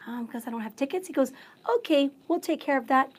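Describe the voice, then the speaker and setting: A woman, a radio emcee, telling a story as a guest in a bubbly, excitable way, acting out the voices of the people in it. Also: high-pitched, fast. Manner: bubbly, excitable, acts out quotes. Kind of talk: animated storytelling in conversation.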